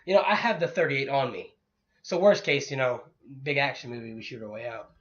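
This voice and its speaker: A man's voice: medium pitch, animated, brisk, fairly bright tone. A man, animatedly telling a story in casual podcast chat, swearing freely and acting out the other people in it. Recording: dull lo-fi recording.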